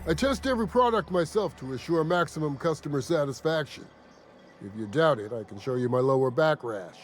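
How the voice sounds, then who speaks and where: An actor playing a brash, gruff male shopkeeper with pushy sales patter in a video game. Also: a little high, animated, a little fast, natural voice. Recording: game dialogue under music.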